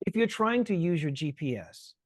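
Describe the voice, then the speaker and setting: Man, lecturer on a webinar call, brisk, filler-heavy delivery, slightly high voice, dry sound. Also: very animated, dry recording. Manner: fast, fluent explaining with frequent fillers. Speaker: guest lecturer.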